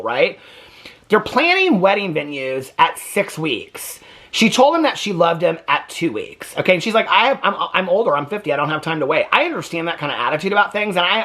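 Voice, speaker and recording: A man with a sharp-toned, rather high voice gives a gossipy, casual recap of a reality TV episode. As a TV recap commentator, he sounds exasperated and often mimics the people he talks about.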